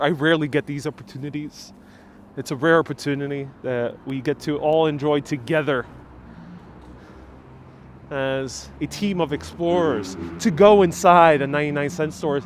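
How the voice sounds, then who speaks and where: Man, live street walk, chatty, jokey, slightly higher voice, faint traffic behind, clip-on mic. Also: moderate pace. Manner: playful, jokey, reads out chat comments. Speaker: livestream walking tour host. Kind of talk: live street walking vlog, chatting with viewers. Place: outdoors on city streets, then inside a small discount store. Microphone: wireless clip-on mic, phone on gimbal.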